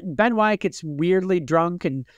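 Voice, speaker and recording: A man from Michigan co-hosting a podcast who rambles through a playful story. His voice sits a bit high and sounds clean and smooth. The room is dry. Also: slow, no echo, highs cut off. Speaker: podcast co-host. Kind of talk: casual chat.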